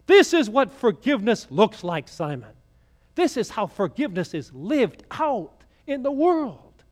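Preacher guy, pretty high voice, tells the story casual w/ asides. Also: very animated, unhurried. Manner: storytelling, conversational asides to the congregation. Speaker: pastor. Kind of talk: sermon.

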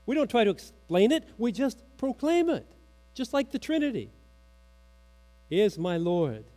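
High-voiced male pastor preaching. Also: very animated, measured pace, mellow. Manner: teaching with questions, quoting catechism aloud, dramatic drops. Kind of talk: sermon.

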